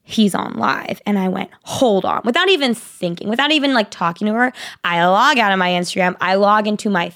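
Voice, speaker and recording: Young woman, chatty storyteller, casual, filler-heavy, mid pitch. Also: lively intonation, fast talker, fairly bright tone. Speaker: co-host.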